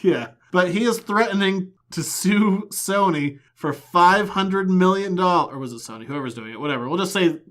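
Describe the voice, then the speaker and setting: A man co-hosting a pop culture podcast, chatting casually in a sarcastic, animated way. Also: high voice, moderate pace, hardly any pauses. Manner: animated, sarcastic, reads quotes aloud with mocking emphasis. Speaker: podcast co-host. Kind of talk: casual chat.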